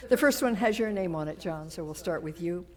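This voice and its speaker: Brisk and animated, this Massachusetts-accented woman has a lowish, slightly mellow voice as she moderates a town candidates forum. Speaking in a police station meeting room, she talks loosely with fillers and restarts.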